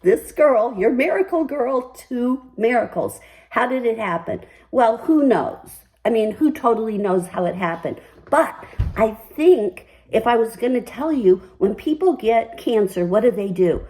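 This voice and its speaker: A woman's voice: a little high, animated, measured pace, warm tone, rough recording. An older woman hosting a personal commentary, telling her story in an emphatic, upbeat way. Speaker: commentary host.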